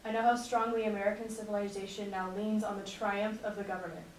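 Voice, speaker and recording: A woman giving a class presentation and a dramatic reading of a letter, in an earnest, measured delivery. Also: mid-range voice, little pitch movement. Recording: echoey room recorded from a distance, faint noise.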